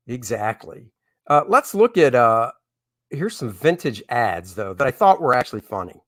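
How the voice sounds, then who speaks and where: A man's voice: mid-range voice, sing-song, a little slow, long pauses, no echo. Middle-aged guy chatting on his stream, lots of ums and asides, dry close sound. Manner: rambling, chatty, with many fillers and asides. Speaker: comic artist hosting a live stream. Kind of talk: casual live-stream chat, reading viewer comments.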